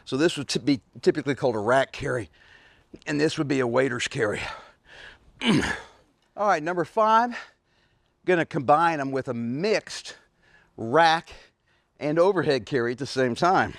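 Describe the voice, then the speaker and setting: Man, forties, fitness coach, out of breath, grunts and sighs while lifting, fairly high voice, dry close sound. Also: lively intonation, a little slow, gravelly, pauses often, no echo. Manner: talks while lifting, grunting and sighing with effort. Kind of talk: casual exercise demonstration. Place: outdoors in a backyard.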